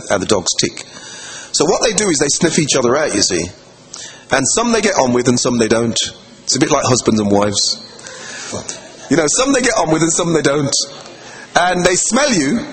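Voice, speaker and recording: A man preaching a sermon in a conversational, anecdotal way, telling stories with acted quotes. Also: mid-range voice. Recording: long hall reverb.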